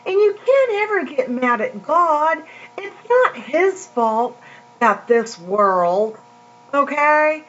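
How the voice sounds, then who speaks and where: A woman preaching in a casual, chatty way, her voice set a little high and her words unhurried and stretched out. The recording is dull and lo-fi, with a steady mains hum underneath. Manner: slow, drawn-out scripture reading with chatty asides. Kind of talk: casual sermon.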